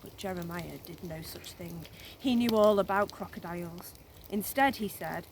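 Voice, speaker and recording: A woman teacher reading a children's story aloud, gently and expressively, outdoors on a snowy walk into a phone camera. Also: fairly low pitch, moderate pace, a little hiss or hum.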